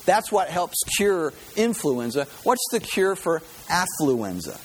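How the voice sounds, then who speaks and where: A man's voice: fairly high pitch, sing-song, slow, slight background noise. A man giving a conversational sermon to a congregation, acting out the voices of the people he quotes. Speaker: pastor.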